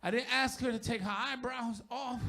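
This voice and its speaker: High-voiced, profane stand-up comedian man. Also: fairly even intonation, moderate pace, noisy background. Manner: profane, shouting punchlines.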